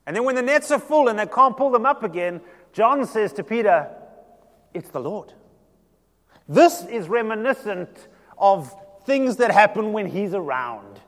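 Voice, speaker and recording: A man, preaching a sermon as pastor and telling the story dramatically, shifting between loud and hushed passages. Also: high voice, sing-song, normal speed, big-room sound.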